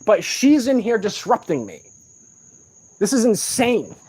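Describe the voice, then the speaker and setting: A man's voice: high-pitched, very animated, a little slow, a little mellow, slightly rough. Profane, agitated man ranting at night. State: sleep-deprived. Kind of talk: angry late-night rant to camera. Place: room in a shared home at night.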